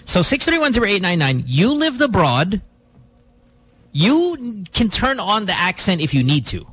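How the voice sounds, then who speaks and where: A man's voice: high voice, big pitch swings, measured pace, fairly bright tone. A man hosting a morning radio show, joking and slipping into Tagalog. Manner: joking, code-switching into Tagalog.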